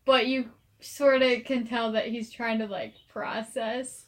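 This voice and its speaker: A woman's voice: on the high side, fairly even intonation, slow pace. A woman running a tabletop game as game master, playful and slipping into character voices.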